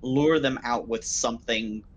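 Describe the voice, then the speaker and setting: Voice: medium pitch, unhurried, a little hiss or hum, low-quality recording. A game master running a tabletop game, making playful, matter-of-fact rulings.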